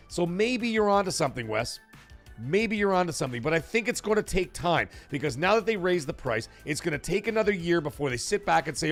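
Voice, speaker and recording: Stream host, male, casual and animated, voice on the higher side, soft music bed. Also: brisk. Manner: animated, rambling, thanks chat viewers, swears. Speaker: livestream talk show host. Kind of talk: casual live-stream chat.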